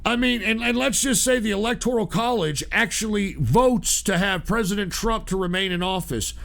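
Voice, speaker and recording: A man's voice: sits high, moderate pace, vocal fry, fairly bright tone. Profane ranting male host. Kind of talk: ranting live-stream talk.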